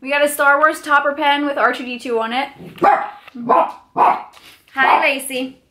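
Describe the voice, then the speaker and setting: A young woman unboxes a pile of gifts for her vlog, her high, bright voice leaping up into squeals of delight. She talks at an unhurried pace between gushing exclamations, with a faint hiss of noise in the background. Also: fairly even intonation. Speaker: vlogger.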